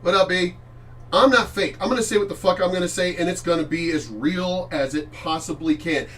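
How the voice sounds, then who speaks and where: Reacting to clips on his channel, a middle-aged man talks with brisk energy and a fairly bright tone, his voice high and his language profane and blunt. He sits back from the microphone, wandering off and starting his sentences over.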